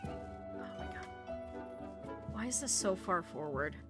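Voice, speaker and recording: A woman's voice: on the low side, animated, unhurried, loud music behind the voice. A woman streamer chatting casually to her viewers while playing, rambling into stories. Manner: chatty rambling storyteller, talks to chat. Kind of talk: casual game stream chat.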